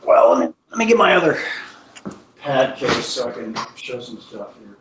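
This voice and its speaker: A man from Minnesota and the Dakotas, chatting in a lively way on a livestream. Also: mid-range voice, moderate pace, echoey room, background noise. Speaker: livestream guest. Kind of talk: casual group chat.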